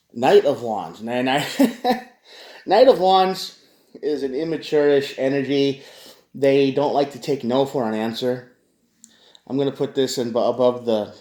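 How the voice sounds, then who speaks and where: A man reads tarot cards in a loose, conversational way, speaking straight to his viewers at an even middle pitch. His sentences often restart and pile up repeats. The room around him sounds echoey. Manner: conversational, addresses viewers directly, frequent restarts. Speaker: tarot reader. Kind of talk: casual spoken tarot reading.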